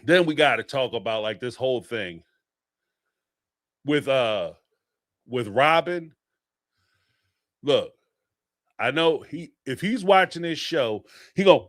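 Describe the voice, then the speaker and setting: A man's voice: mid-range voice, animated, slow pace, long pauses, no echo, clean studio sound. A man giving casual live reaction commentary on a reality show, blunt and profane, often mimicking people in mocking voices.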